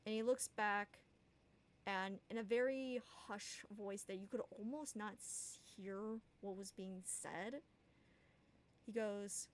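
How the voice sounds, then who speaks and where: A woman's voice: medium pitch, slow, a little hiss or hum. A woman narrating a tabletop game as game master, hesitant with many fillers.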